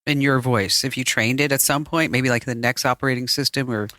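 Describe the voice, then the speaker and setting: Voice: medium pitch, fairly even intonation, fairly quick, bright, forceful tone, no room sound. A talk show co-host chatting casually, rambling with lots of fillers. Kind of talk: casual radio show banter.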